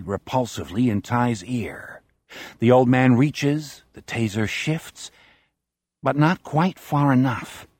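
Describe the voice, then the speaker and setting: Man, audiobook narrator, measured dramatic reading, dry close studio sound. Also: mid-range voice, a little mellow, dry recording.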